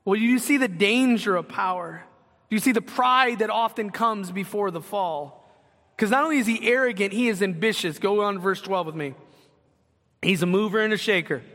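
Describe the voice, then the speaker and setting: A man's voice: high voice, normal speed, fairly bright tone, long reverb tail. A man preaching an expository sermon, asking the congregation questions as he teaches.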